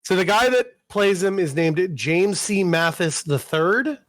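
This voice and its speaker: A man's voice: high-pitched, animated, measured pace, a bit bright, dry recording. Rambling, profane podcast host man. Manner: rambling, profane recap with quoted voices. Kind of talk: casual chat.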